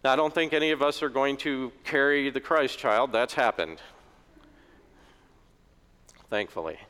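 Joking preacher in an echoey church. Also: male voice, medium pitch, fairly quick, fairly bright tone, smooth. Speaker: pastor. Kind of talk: sermon.

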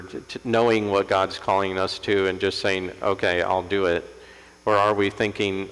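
A man's voice: low voice, vocal fry, a bit bright. An older man preaching a sermon as pastor, telling a family story and rising to impassioned emphasis. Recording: echoey hall with mains hum.

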